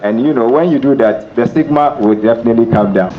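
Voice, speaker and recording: A man speaking as the special guest at a seminar, emphatic and repeating his key phrases between pauses. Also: medium pitch, a loud crowd. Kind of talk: motivational seminar talk. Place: seminar hall. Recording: dull echoey hall, faint noise.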